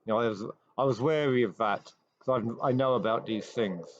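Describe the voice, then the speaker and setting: A man's voice: medium pitch, brisk, close to an everyday voice. A man voicing a wary old poacher in a lilting regional accent. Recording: dry, slightly dull recording.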